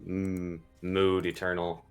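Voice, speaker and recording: A man narrating as game master of a tabletop game, unhurried and pausing often with fillers. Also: deep voice, monotone, smooth, faint music behind. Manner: unhurried, with frequent filler pauses.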